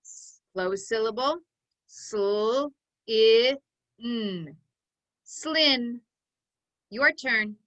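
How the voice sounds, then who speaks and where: A woman teaching an online phonics lesson, calling out sounds and blending words slowly and deliberately for children to repeat. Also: a little high, lively intonation, fairly bright tone, rough recording. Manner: slow, deliberate drill calls, sounding out each part.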